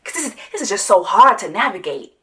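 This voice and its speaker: A woman's voice: mid-range voice, big pitch swings, fast talker, sharp tone. A woman, giving a sassy, profane reality TV reaction commentary that mocks its subject and breaks into sung quacking. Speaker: commentary host.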